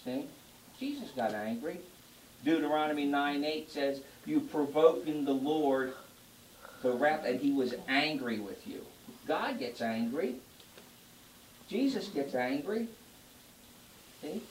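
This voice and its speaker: Preacher, animated and jokey, builds to loud emphasis; roomy church echo, mic set back, faint hiss. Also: medium pitch, slow pace, long pauses, distant mic. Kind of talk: sermon. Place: church before a congregation.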